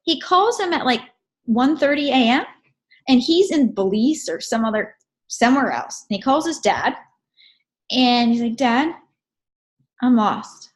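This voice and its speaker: A woman with a slightly high voice retells a training session to a group. She tells it as a lively, casual story and keeps checking in with her listeners along the way. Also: moderate pace. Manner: animated, checks in with listeners often. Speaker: presenter recapping a training event.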